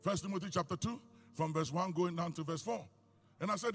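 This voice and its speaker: An older man with a Ghanaian accent preaching a sermon, swinging between loud outbursts and quiet, low asides. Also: fast talker, faint music behind. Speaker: pastor.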